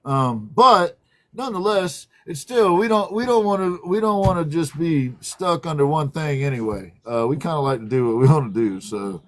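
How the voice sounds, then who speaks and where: A man's voice: fairly high pitch, animated, moderate pace, fairly bright tone. A man co-hosting a casual livestream, rambling through announcements and greeting viewers by name. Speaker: livestream co-host.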